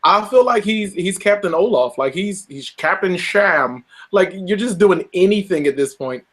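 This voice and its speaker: A man co-hosting a casual talk show, animated and quick to mimic others in quotes. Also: high-pitched. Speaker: podcast co-host. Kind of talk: casual chat.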